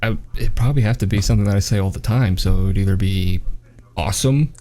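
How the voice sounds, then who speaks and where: A man's voice: on the low side, fast talker, dark tone. A young man co-hosting a casual podcast chat, joking and poking fun at himself. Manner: joking, self-mocking. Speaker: co-host.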